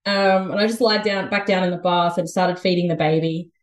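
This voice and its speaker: A woman in her thirties with an Australian accent, a podcast guest telling a story in a lively, chatty way and laughing often. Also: lowish voice, fairly quick. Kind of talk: casual storytelling interview.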